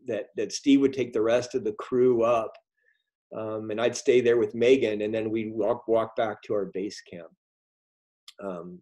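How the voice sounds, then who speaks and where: A middle-aged man telling a story on a video call, halting, with many ums and restarts. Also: on the low side, mellow. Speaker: guest speaker. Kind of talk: storytelling talk in a virtual meeting.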